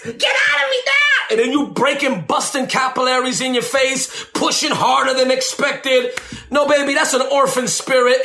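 A man preaching on deliverance, animated and emphatic, who acts out shouting ministers and calls his listeners baby. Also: extremely high pitch, roomy sound. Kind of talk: sermon.

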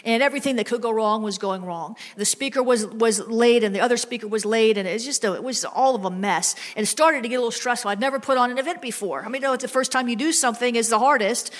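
A woman preaching a sermon, telling stories in a chatty way and slowing into drawn-out, emphatic prayer. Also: a little high. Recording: music playing behind the voice.

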